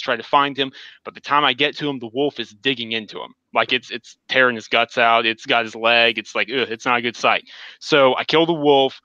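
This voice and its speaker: A man with a bright, forward voice chats eagerly on a gaming podcast, recounting a story in animated detail. The sound is dry and a little dull, like online call audio. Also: mid-range voice, dry recording. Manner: enthusiastic, animated storytelling with acted quotes. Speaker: podcast co-host. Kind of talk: casual gaming podcast chat.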